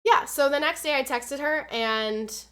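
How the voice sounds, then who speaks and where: A young woman streamer telling a story in casual chat, animated and swearing, acting out quotes loudly. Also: high voice, measured pace.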